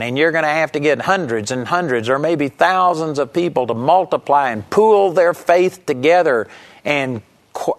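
A man preaching a sermon, telling a story emphatically and swinging between loud passages and hushed ones. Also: mid-range voice.

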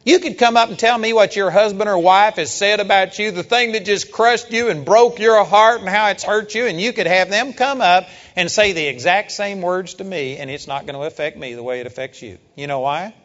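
A man preaching a sermon, emphatic, building up to loud rhetorical questions. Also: sits high, brisk, hardly any pauses. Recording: dull lo-fi sound with long hall reverb.

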